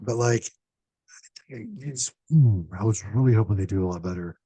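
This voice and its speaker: Low mellow man, casual podcast chat, animated storyteller, dry close sound. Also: normal speed, husky, dry recording. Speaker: horror podcast speaker.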